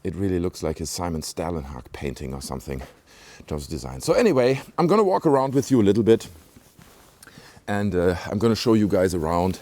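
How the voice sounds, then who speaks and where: A British-sounding man speaks fairly quickly in a low, warm voice with big pitch swings, vlogging as he walks outdoors in a small country village. His talk to viewers is casual and meandering, full of fillers and asides. The audio comes from a handheld camera mic.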